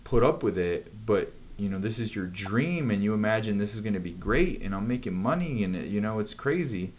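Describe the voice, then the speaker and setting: A man's voice: fairly low pitch, expressive, brisk, slight background noise. A young man hosting a casual livestream chat, laid-back, swearing often, with lots of fillers. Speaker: host, band drummer.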